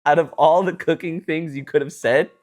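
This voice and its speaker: A man's voice: a little high, normal speed. A young man co-hosting a podcast, chatting casually with his sister and teasing her while telling stories. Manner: teasing, animated storytelling, quotes people in put-on voices. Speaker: podcast co-host. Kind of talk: casual chat.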